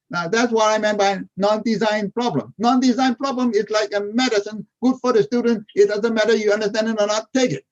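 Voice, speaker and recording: A man with a fairly high voice gives a lively webinar lecture in non-native English, asking rhetorical questions and laughing at his own points. The sound comes through a dull, lo-fi video call connection. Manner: non-native English with dropped verb endings. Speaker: guest professor speaking at a teaching webinar.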